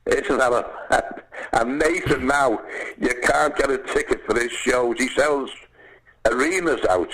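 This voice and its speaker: An older man with a Liverpool accent, telling anecdotes as a podcast guest, animated and calling the listener "lad". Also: medium pitch, unhurried, slightly rough, low-quality recording. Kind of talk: casual storytelling.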